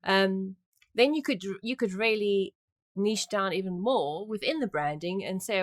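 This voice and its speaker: A woman's voice: mid-range voice, a little slow, no room sound. Woman chatting earnestly on a podcast, dry sound. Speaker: podcast co-host. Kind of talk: casual chat.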